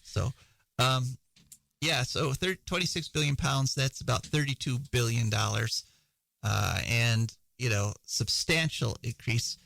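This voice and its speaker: Man, radio host, gravelly voice, dry close sound, casual news chat, laughs a lot. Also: medium pitch, fairly even intonation, a little slow, fairly bright tone, no echo, poor audio. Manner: chatty, laughs often, many fillers.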